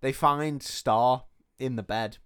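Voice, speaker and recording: A man's voice: mid-range voice, takes it slowly, clear, resonant tone. A man co-hosting a podcast, recapping a film plot in casual, sweary chat and acting out the characters' lines. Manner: sweary animated retelling with quoted voices. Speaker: podcast co-host.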